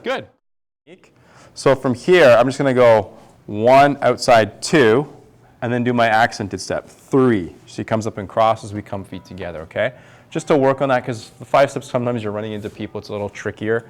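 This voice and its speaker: A man's voice: mid-range voice, normal speed. A male tango instructor teaching a dance class, counting the steps aloud as he demonstrates them. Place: dance studio.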